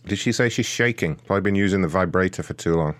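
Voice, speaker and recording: A man's voice: sits low, fast talker. A man making a prank call as a rude customer service agent, insulting and taunting the customer in a smug way.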